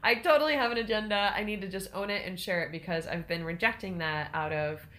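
A woman's voice: mid-range voice, fast talker, slight background noise. Reflective middle-aged woman on a podcast. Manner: reflective, animated when quoting herself. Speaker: podcast co-host. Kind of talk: casual podcast conversation.

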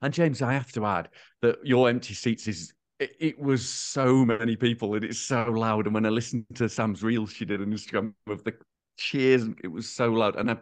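A man's voice: fairly low pitch, normal speed. A man co-hosting a podcast, sympathetic and teasing, often repeating words as he starts a thought. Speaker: podcast co-host. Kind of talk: casual podcast chat.

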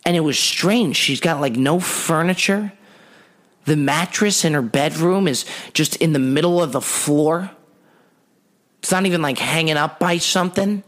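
A man hosting a podcast, telling a funny story in an animated, rambling, wry way. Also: fairly high pitch, a little slow. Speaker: podcast host. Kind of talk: comedic storytelling monologue.

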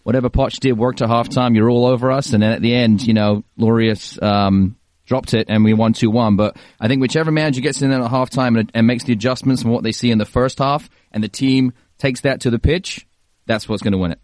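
A man co-hosting a casual sports podcast, easygoing and relaxed in his chat. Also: mid-range voice, fairly quick, no room sound. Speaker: podcast co-host.

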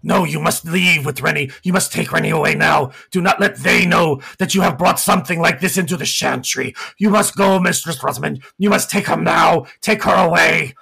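A man voicing a frantic male gargoyle servant who begs loudly and speaks of himself in the third person. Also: on the high side, moderate pace, vocal fry, hardly any pauses, husky, heavily acted. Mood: pleading.

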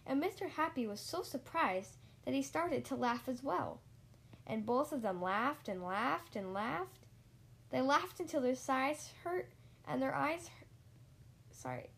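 A woman reading a children's story aloud, slow and deliberate, lingering on repeated phrases. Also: high-pitched, gravelly.

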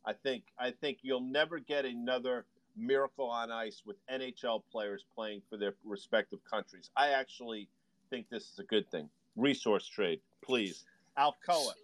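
A man's voice: mid-range voice, moderate pace, a bit bright, no echo. A man co-hosting a markets podcast, joking in a wry, teasing way with offhand asides. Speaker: podcast co-host. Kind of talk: casual market chat.

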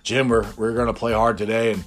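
A man mimicking a calm baseball manager giving an interview in a flat, monotone voice. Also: fairly low pitch, a little fast, faint music behind, voice pushed down, close to an everyday voice.

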